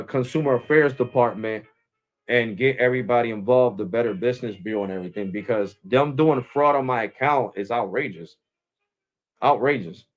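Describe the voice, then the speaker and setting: A man's voice: mid-range voice, dull audio. An American man live streaming as host, talking casually and with exasperation, repeating himself as he rambles. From United States.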